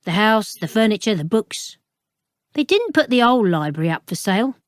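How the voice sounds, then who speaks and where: A woman's voice: mid-range voice, big pitch swings, normal speed, no room sound, close to an everyday voice. A swaggering, plump middle-aged book dealer, played by a woman reading an audiobook, falsely jovial with a wheedling push. The voice is close and dry, with no room around it. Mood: persuasive.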